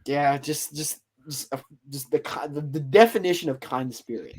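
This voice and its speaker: Male podcast host, slightly high pitch, loose and filler-heavy storytelling. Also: moderate pace, a little mellow, slightly rough. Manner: rambling, filler-heavy retelling. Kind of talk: casual storytelling chat.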